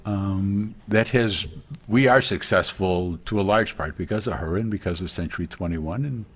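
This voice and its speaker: Middle-aged man, lowish voice, earnest rambling realtor guest on a TV chat. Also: moderate pace. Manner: rambling, earnest, many restarts. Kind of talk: casual TV interview chat.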